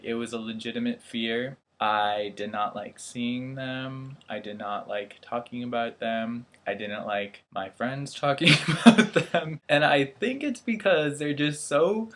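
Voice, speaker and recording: A young man talking casually to his camera, wandering from point to point. He pokes fun at himself and laughs at his own slips, in an ordinary mid-pitched voice. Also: slow. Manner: rambling, self-deprecating, laughs at himself. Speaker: vlogger, airman. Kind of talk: casual vlog chat.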